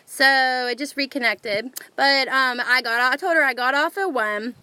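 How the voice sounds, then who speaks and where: A woman, telling a story outdoors to camera in an excited, rambling way with many fillers. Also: high voice, normal speed, smooth, no echo. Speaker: vlogger. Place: outdoors near her house.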